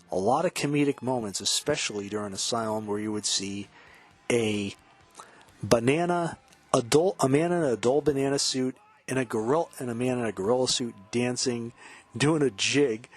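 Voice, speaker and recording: A man hosting a music show, chatting casually about an album, often quoting and humming lyrics with excitement. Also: mid-range voice, moderate pace. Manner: quotes and hums lyrics while explaining, excitable. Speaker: podcast host.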